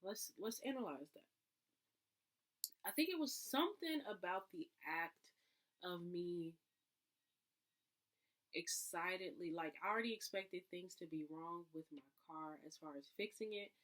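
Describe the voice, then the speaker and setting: A woman talking casually to her viewers in a confessional vlog, reflective and chatty, full of "like" and "um", breaking into louder, higher bursts when she vents. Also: animated, measured pace, long pauses. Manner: chatty, reflective, filler-heavy with frequent "like" and "um"; jumps into higher, louder acted outbursts when venting. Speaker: vlogger.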